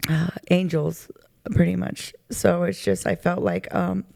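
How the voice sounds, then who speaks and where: Gravelly, mellow-voiced woman giving testimony. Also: lowish voice, big pitch swings. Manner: halting, searching for words, many fillers. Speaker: charity recipient sharing her testimony. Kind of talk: heartfelt personal testimony.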